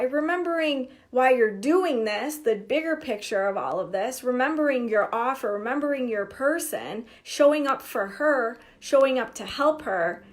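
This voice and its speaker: A young woman coaching on business in a casual, energetic talk, emphatic and acting out inner voices. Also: sits high. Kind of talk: casual direct-to-camera talk.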